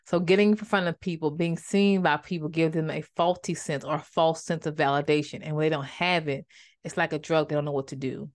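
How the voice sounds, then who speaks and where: Woman podcast host, lower-pitched voice, casual devotional teaching, dry close sound, heartfelt and conversational. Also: steady tone, fairly quick, no room sound. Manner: conversational, addresses listeners as y'all; emotional, fighting back tears of joy. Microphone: microphone with a faulty cord.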